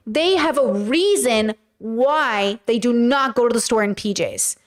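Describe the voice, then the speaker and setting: A woman streaming casual commentary, talking bluntly and with profanity as she tells stories with animation. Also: on the high side.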